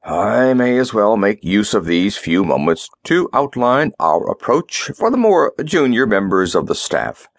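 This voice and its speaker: A man's voice: fairly low pitch, big pitch swings, measured pace, few pauses, no echo, clean studio sound, full character voice. A man voicing a pompous, scheming middle-aged male ambassador in an audiobook, snapping and self-satisfied.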